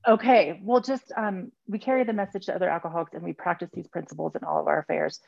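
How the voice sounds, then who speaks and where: A middle-aged woman shares her story over a video call, rambling and circling back with lots of fillers. Her voice is gravelly and a bit low. The audio is dull and lo-fi, with a dry sound. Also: steady tone, fast, a little mellow, dry recording. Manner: rambling, many fillers and restarts. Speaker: speaker sharing at a recovery meeting. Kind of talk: heartfelt personal share.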